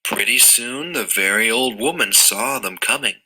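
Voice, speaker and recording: A man reading a picture book aloud to a child, with expressive, drawn-out storytelling. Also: medium pitch, husky.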